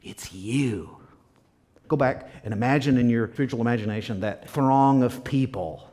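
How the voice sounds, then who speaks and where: A man's voice: medium pitch, normal speed, dark tone. A man preaching a sermon as pastor, emphatic and repetitive, sometimes dropping to a near whisper. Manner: emphatic, repeats key words, drops to a whisper at times.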